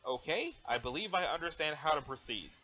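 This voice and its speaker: A man's voice: on the high side, animated, a little fast, pushed and bright, slightly rough, heavily acted. A man voicing an aloof, formal alien troll girl with stiff, overly proper wording, on a dull lo-fi mic.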